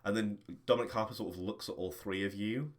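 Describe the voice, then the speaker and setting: A man running a tabletop game as game master, narrating in a relaxed, chatty way with many fillers. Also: lowish voice, fast talker.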